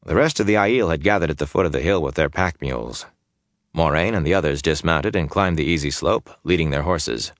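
Man narrating an audiobook, very deep voice, dry close sound, measured. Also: dry recording. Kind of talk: scripted narration.

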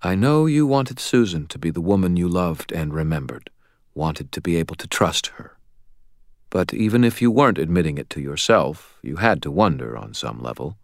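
A man voicing a calm, sorrowful male archangel in an audiobook, speaking in a measured, quietly firm way. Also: deep voice, no room sound, studio quality. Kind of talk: audiobook character voice.

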